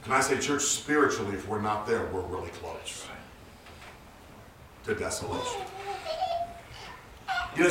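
A man preaching a sermon, swinging from low murmurs to shouted high cries. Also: wildly swooping pitch, a little slow, long pauses, a little hiss or hum. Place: church sanctuary. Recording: roomy church recorded from far off.

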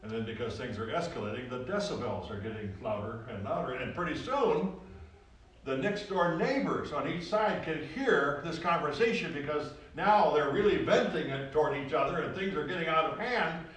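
A man preaching a sermon to a congregation, folksy and animated, repeating phrases for emphasis. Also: a little high, moderate pace. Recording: roomy echo, distant from the mic.

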